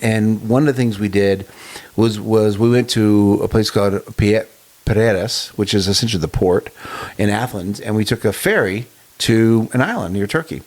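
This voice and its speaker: A middle-aged man co-hosting a casual podcast, telling an animated travel story with chuckles. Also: on the low side. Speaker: podcast co-host. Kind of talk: casual chat.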